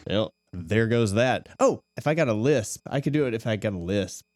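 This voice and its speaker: A man's voice: lowish voice, lively intonation, normal speed, darkish tone, no room sound, studio quality. A man hosting a late-night radio show, rambling casually, swearing often and laughing between thoughts. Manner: profane, giggly, rambling.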